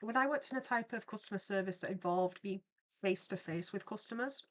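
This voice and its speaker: A woman's voice: mid-range voice, brisk, fairly bright tone. A young woman, hosting a livestream and chatting casually while she draws, telling rambling stories full of asides. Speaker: livestream host and artist. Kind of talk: casual chat while drawing on stream.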